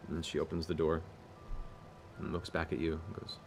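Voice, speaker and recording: A man as game master narrating a tabletop role-playing game, describing scenes in a measured way with hesitant fillers. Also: rumbling low, flat delivery, vocal fry, a little hiss or hum.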